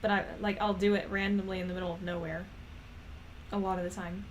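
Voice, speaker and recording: A woman's voice: mid-range voice, flat delivery, a little fast, slight background noise. A woman rambling in casual chat, giggly and self-deprecating. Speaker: animator and vlogger.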